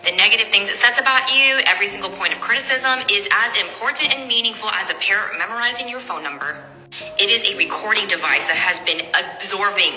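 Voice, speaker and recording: A woman giving an emphatic, direct motivational speech. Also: mid-range voice. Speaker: motivational speaker. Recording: reverberant hall, soft music.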